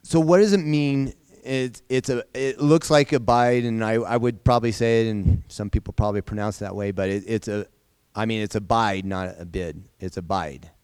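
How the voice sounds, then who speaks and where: Leading a relaxed Bible lesson, a man with a lowish, darkish, clean voice talks at a moderate pace with fairly even intonation and hardly any pauses, with no echo. He's conversational, repeats phrases, and puts questions to the group.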